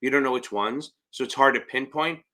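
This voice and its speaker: A man's voice: mid-range voice, fairly quick, bright, forceful tone. A man running a live-stream Q&A as an exam prep tutor, talking bluntly, rambling and swearing casually as he answers viewers.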